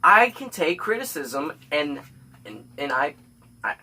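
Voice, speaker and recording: A man's voice: on the high side, very animated, a little slow, bright, forceful tone, husky. A young man, a podcast guest, rambling and stammering through a profane story while defending himself. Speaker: guest trying out a comedy bit. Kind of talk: casual podcast banter.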